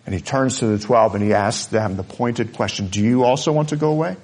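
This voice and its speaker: A pastor preaching a sermon, earnest and emphatic, driving points home with repeated phrases. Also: male voice, mid-range voice, fairly quick, a little mellow.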